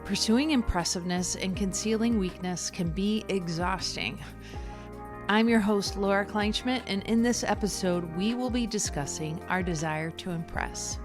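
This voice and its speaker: A woman hosting a podcast interview, asking questions gently and encouragingly and telling a story of her own. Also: mid-range voice, normal speed, over music. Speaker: podcast host.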